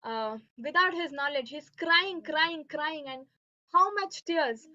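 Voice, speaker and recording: A woman's voice: sits high, slow, pushed and bright, no echo. A woman teaching a devotional scripture class, telling stories and often checking in with listeners. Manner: keeps asking listeners "right?" and "okay". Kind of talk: devotional lesson storytelling. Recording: dull lo-fi dry sound.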